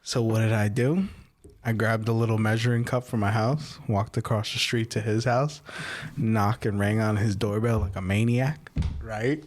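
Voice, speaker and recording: A man's voice: on the low side, steady tone, normal speed. A man telling a teasing prank story in a casual chat with friends.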